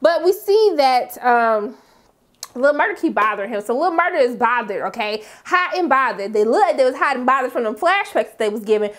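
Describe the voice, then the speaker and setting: Young woman vlogger, high voice, lively recap host who swings between loud squeals and muttered asides. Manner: animated, jumping between high exclamations and low asides. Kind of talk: casual TV recap vlog.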